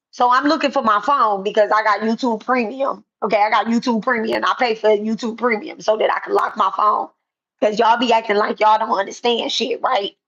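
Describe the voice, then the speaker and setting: Woman, slightly high voice, blunt and confrontational callout vlog, dull lo-fi audio. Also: a bit bright. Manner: blunt, confrontational, repetitive, casual profanity. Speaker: spiritual content creator. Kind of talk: direct-to-camera callout vlog. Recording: dull lo-fi sound.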